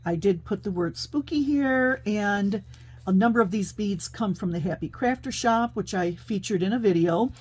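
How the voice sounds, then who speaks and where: A woman's voice: medium pitch, moderate pace, a little mellow, husky. Chatty woman showing off her crafts. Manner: chatty, thinks aloud with many fillers. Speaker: paper crafting host. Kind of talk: casual craft show-and-tell.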